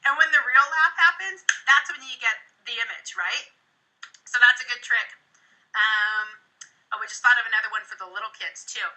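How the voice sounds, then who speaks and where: A woman photographer giving live-stream tips, animated and acting out her shoot patter, recorded on a phone. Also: on the high side, normal speed, poor audio. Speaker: portrait photographer.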